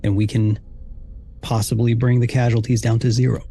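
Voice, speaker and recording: A man voicing a grave older male military commander who speaks in a measured, solemn way. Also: mid-range voice, flat delivery, dark tone, lightly acted.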